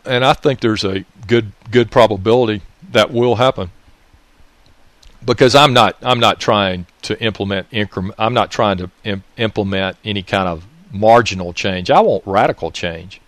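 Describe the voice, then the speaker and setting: A political commentator from Mississippi, speaking with a Southern accent in a lowish, slightly bright voice at normal speed with no echo, gives an angry monologue. He yells, uses profanity, and keeps chiding his audience with repeated questions.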